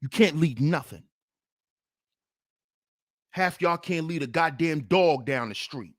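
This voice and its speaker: A man hosting a livestream, preaching in fired-up commentary with rhetorical questions, swinging between loud challenges and sarcastic muttering. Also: on the high side, slow pace. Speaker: livestream host.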